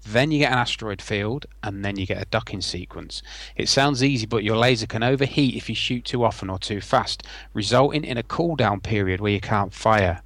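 A man's voice: fairly low pitch, a little fast, hardly any pauses, fairly bright tone, no room sound. A man co-hosting a podcast, explaining game mechanics in a casual, detailed way. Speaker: podcast co-host. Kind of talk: casual chat.

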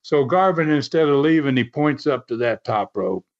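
A man casually telling a wrestling story, animated and chuckling, dropping "man" into his sentences. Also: mid-range voice, normal speed. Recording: dull lo-fi recording.

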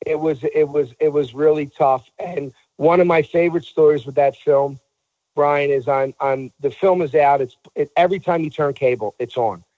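A man with a fairly high voice tells a story in a casual talk, acting out the people he quotes. The sound is dry and a bit dull, as if recorded on lo-fi gear. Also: normal speed, a little mellow, no echo. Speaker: guest telling a story.

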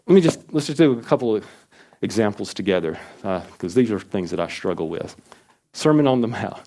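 A man's voice: animated, fairly quick, warm tone. A man preaching a sermon in an earnest, conversational way, acting out quoted prayers. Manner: earnest, acts out quoted prayers with rising pitch. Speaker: pastor.

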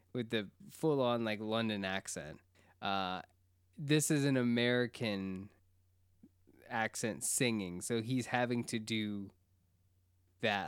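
A man's voice: mid-range voice, clear, resonant tone, no room sound, clean studio sound. A young man co-hosting a casual TV recap chat, rambling and enthusiastic with frequent fillers. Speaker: podcast co-host.

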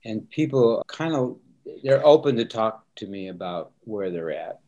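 A man's voice: on the low side, lively intonation, measured pace, warm tone, highs cut off. Earnest, reflective man, pastor. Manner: earnest, reflective, repeats words when starting sentences. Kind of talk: conversational interview answers.

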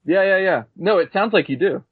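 A man's voice: high-pitched, lively intonation, fairly quick, breathy edge, no echo. A man guesting on a podcast, chatting casually and easygoing, often restarting his sentences. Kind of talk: casual chat. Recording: dry tinny phone-like line.

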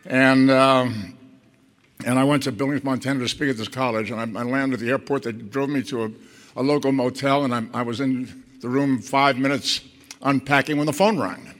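Older man from Boston, wry storyteller, bright forceful voice, echoey hall. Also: medium pitch, moderate pace. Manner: relaxed and wry, with frequent restarts. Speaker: guest speaker. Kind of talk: anecdotal storytelling to an audience.

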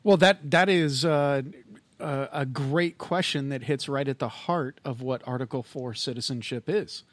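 A man with a mid-pitched voice joins a podcast as co-host. He answers questions in short, hesitant bursts and restarts his sentences. His voice sounds dry and close. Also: a little slow, no echo. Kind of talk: casual podcast replies.

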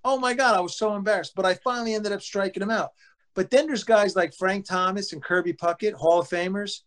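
Casual swearing runs through this former pitcher's animated anecdotes as he plays out his teammates' dialogue. The man's pace is slightly quick.

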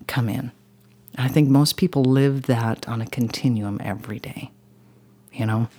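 As a podcast guest, a woman with a very deep, mellow voice tells a personal story at an unhurried pace. She rambles earnestly, dropping lots of "you know" asides, and becomes emotional and intense when the crash comes up.

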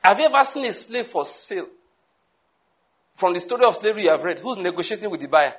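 A man preaching a sermon, emphatic, repeating key phrases and sometimes bursting into shouts. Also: high-pitched, animated, fast talker.

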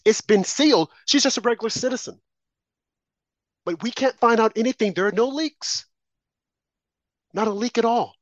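A man's voice: sits high, no echo, dull audio. A man co-hosting a political talk show, delivering impassioned, preachy commentary full of rhetorical questions and warnings.

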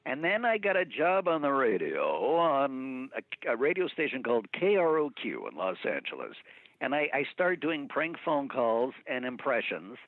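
Lively voice actor man on a phone line. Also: medium pitch, no room sound. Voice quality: animated, quick to laugh, voice actor. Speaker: voice actor guest. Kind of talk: relaxed interview storytelling. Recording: tinny phone line, dry.

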